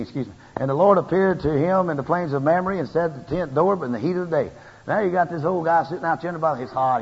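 A man preaching a sermon in a folksy, animated way, his emphasis rising and building as he goes. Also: a little high, husky. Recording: lo-fi tape with long hall reverb.

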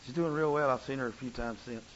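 A man's voice: mid-range voice, fast talker, slight background noise. A man preaching a sermon as pastor, with an impassioned, repetitive cadence. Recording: dull audio with long church reverb.

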